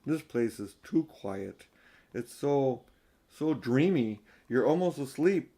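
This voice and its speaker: A man's voice: mid-range voice, animated, slow pace, dark tone. An older man reading a storybook aloud, voicing a dreamy and sensible young girl in a raised voice. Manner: dreamy, then urgent and practical.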